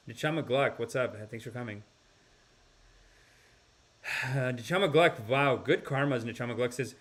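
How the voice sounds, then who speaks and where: A man's voice: medium pitch, unhurried, pauses often, a bit bright. A man hosting a podcast, reading viewer comments and rambling with sighs and restarts. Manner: rambling, sighing, slips into impressions. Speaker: podcast host.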